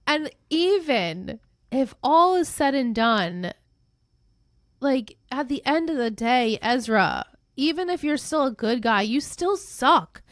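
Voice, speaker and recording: A woman's voice: high-pitched, animated, slow, dry recording, clean studio sound. A woman co-hosting a casual recap podcast, playful and laughing often as she draws out words for emphasis. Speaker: podcast co-host.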